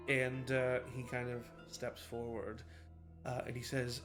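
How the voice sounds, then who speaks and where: A man's voice: mid-range voice, monotone, unhurried, over music. A man narrating a tabletop game as game master, loose and full of fillers. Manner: casual, filler-heavy description.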